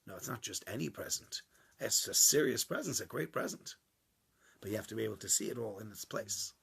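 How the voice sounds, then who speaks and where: A man giving an informal Torah class to a small group, acting out the dialogue and swinging from loud bursts to hushed asides. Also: on the low side, animated, a little fast, vocal fry, breathy edge. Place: small warm room with a few listeners.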